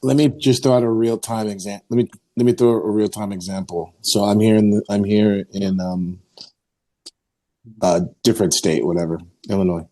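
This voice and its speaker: A man's voice: fairly low pitch, moderate pace, dark tone. A man, an Orthodox priest and podcast host, telling a rambling story in casual chat, full of fillers and acted-out quotes. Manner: rambling, many fillers, acts out quoted voices.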